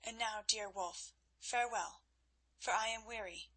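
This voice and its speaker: A woman's voice: a little high, steady tone, a bit bright, breathy edge, poor audio. A woman reading a grave young noblewoman. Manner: measured and grave. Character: young noblewoman, stern but gentle. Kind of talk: audiobook character reading.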